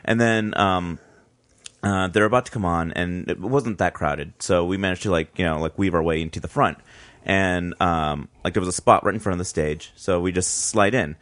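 A man's voice: low voice, moderate pace, dry recording. A man telling a funny story on a podcast, full of "like" and "um", acting out the other people's lines in a raised voice. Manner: animated storyteller, acts out quotes in a raised voice. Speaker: podcast co-host. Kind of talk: casual storytelling.

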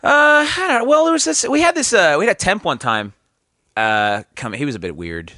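Animated fast-talking Canadian comedian. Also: male voice, high-pitched, no room sound, clean studio sound. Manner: animated storyteller, laughs often, acts out voices. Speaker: guest comedian. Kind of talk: casual podcast chat.

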